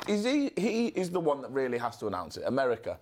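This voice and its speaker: A man co-hosting a podcast, chatting casually, swearing and jumping between quick impressions. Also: mid-range voice, wildly swooping pitch, darkish tone. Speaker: podcast co-host.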